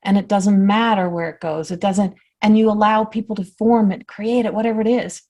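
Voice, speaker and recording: A woman spiritual teacher giving a flowing talk before a guided meditation, repeating and rephrasing, often dropping to a soft hush. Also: mid-range voice, fairly even intonation, brisk. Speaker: spiritual teacher and oracle card reader.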